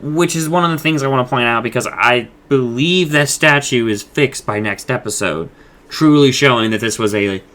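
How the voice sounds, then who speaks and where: A podcast host with a medium-pitched, bright, forceful voice casually recaps and discusses an episode. He rambles, swears freely, and paraphrases the characters' lines.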